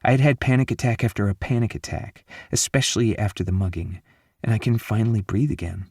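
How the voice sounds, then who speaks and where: A man's voice: fairly low pitch, fast, darkish tone, slightly rough, no echo, studio quality. A man reading an audiobook, voicing a young woman who is hurt and angry with her lover, in a raised, emotional voice. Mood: pleading.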